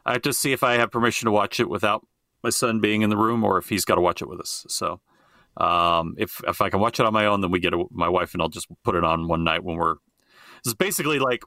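Rambling middle-aged man with a forceful voice. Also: fairly low pitch, dry recording, clean studio sound. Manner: rambling, swears freely, trails off and restarts. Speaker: podcast co-host. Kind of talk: casual chat.

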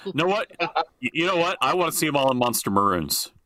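A man's voice: on the high side, very animated, brisk, bright, forceful tone, a little hiss or hum. A middle-aged man co-hosting a podcast in casual chat, rambling and swearing freely and often circling back to restart his point. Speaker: podcast co-host.

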